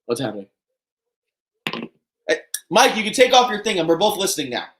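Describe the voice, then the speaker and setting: A man co-hosting a wrestling watch-along, commenting casually and breaking into loud excited exclamations. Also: high-pitched, brisk.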